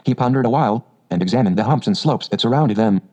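Mellow man reading a storybook. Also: mid-range voice, fast. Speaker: narrator. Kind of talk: audiobook reading. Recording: dull lo-fi recording.

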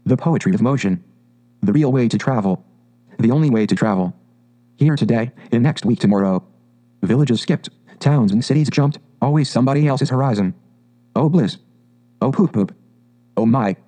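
A man's voice: medium pitch, moderate pace, long pauses, dark tone, natural voice, low-quality recording. Toad, a man voicing a dreamy, rapturous toad. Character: dreamy conceited male toad, car-obsessed. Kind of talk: storybook reading.

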